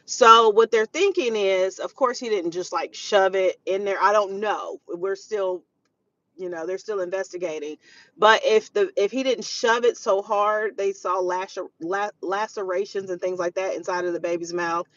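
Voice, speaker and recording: A woman's voice: mid-range voice, fairly even intonation, normal speed, no echo. A woman hosting a live parenting show, chatting to viewers, retelling a news story and quoting scripture. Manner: chatty, preachy, quotes scripture, greets viewers mid-story. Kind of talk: live-stream commentary. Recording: dull lo-fi stream audio.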